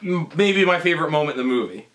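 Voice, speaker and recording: A man's voice: on the high side, lively intonation, fast, fairly bright tone, slight background noise. A drunk young man in a comedy sketch, rambling through a movie plot with stumbles, restarts and giggles. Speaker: comedy performer.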